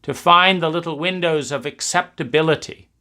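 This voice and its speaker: A man giving a reflective talk, speaking in slow, emphatic, repetitive cadences. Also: fairly high pitch, pushed and bright.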